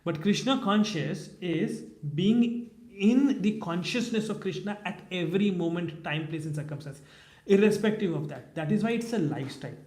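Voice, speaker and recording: A man giving a scripture class in a temple hall, telling stories in an animated way. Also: sits high, moderate pace. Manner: animated storytelling. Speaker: class speaker.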